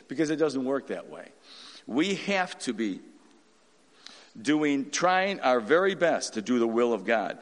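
Animated preacher in a reverberant hall. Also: male voice, mid-range voice, a little slow. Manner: folksy and animated, acting out quotes in voices. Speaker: pastor. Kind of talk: informal sermon.

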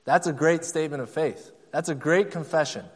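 Man, pastor, sermon, emphatic, repeats phrases, slightly high voice, church reverb. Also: a little fast, breathy edge.

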